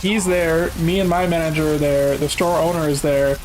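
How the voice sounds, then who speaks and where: A man's voice: fairly high pitch, level tone, darkish tone, a little hiss or hum, low-quality recording. A man telling a long, profane workplace story in casual chat with friends. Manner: profane storytelling, quick bursts. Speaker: streamer.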